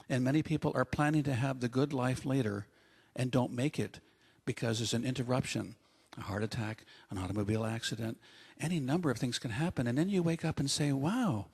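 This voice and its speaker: A man's voice: medium pitch, darkish tone, slightly rough. A man preaching a sermon as pastor, telling humorous stories with acted asides.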